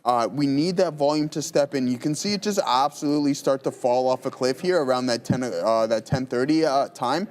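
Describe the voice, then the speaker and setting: A man's voice: medium pitch, brisk, hardly any pauses. A man co-hosting a live trading stream, commenting on charts as they move and often checking in with viewers with tag questions and fillers. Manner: talks to viewers directly, with many fillers and tag questions like "right?". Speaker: day trader co-hosting a live market stream.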